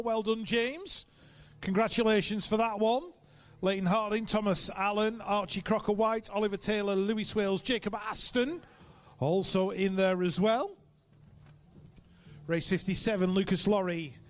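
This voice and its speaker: A man announcing live races, reeling off rider names and adding chatty asides between calls. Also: high voice. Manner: brisk, reels off rider names. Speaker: race announcer. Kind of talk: live sports commentary. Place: outdoor race track.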